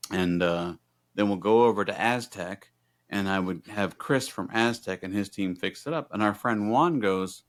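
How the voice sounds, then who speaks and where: A middle-aged man co-hosts a casual podcast, a bit low in pitch. He tells his story with energy and acts out the other people in it, voice jumping up when he quotes them. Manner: animated storyteller acting out both sides of conversations. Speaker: podcast co-host.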